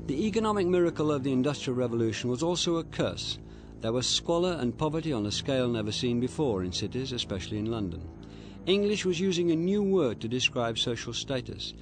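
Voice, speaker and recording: Measured male documentary narrator. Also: medium pitch, expressive, over music. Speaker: documentary presenter.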